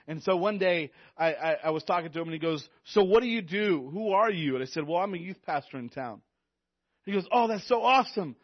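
A youth pastor preaching with bursts of excitement, repeating himself and stumbling over restarts. His voice sits a little high for a man. The sound is muffled and close, with no room echo. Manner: enthusiastic, repetitive, stammers on restarts. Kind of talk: sermon.

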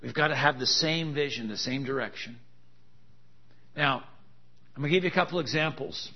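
A man's voice: medium pitch, normal speed. A man preaching a sermon, with joking, laughing asides and emphatic contrasts that build in intensity. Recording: dull lo-fi sound.

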